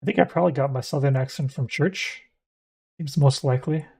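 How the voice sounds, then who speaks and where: Mellow rambling American man gaming. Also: mid-range voice, fairly even intonation, fairly quick, vocal fry, slightly rough, rough recording. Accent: Florida, mild Midwestern. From United States. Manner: rambling, musing aloud. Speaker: gaming streamer. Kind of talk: casual game commentary.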